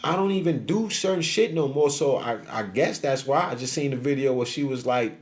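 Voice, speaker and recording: A man's voice: medium pitch, normal speed, few pauses. A middle-aged man venting in a casual, profane monologue, often acting out what other people said to him. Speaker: social media creator.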